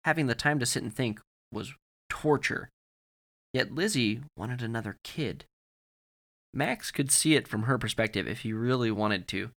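A man reading a novel aloud in steady, matter-of-fact audiobook narration. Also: medium pitch, normal speed. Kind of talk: scripted narration of fiction.

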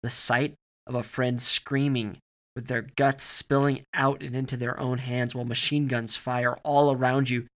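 A man reading a story aloud in a steady, grave narrating manner. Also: mid-range voice.

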